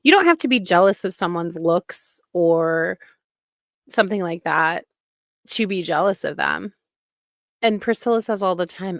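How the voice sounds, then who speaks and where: A woman's voice: fairly low pitch, expressive, unhurried, dry recording. A woman hosting a casual commentary show, talking in an indignant, emphatic way. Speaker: commentary host.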